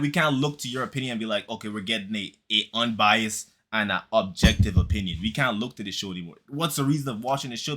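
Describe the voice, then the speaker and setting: A man's voice: mid-range voice, pushed and bright. A man giving a heated, mocking football reaction commentary, using street slang and repeating lines for emphasis.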